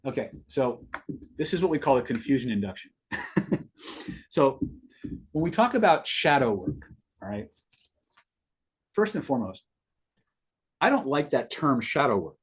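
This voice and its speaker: A middle-aged man talks casually on a live stream, answering viewers and drifting into a personal story. His voice is husky, at an average pitch for a man. He often restarts and repeats words as his thoughts catch up. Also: moderate pace, pauses often. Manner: rambling, repeats words, rising excitement in story.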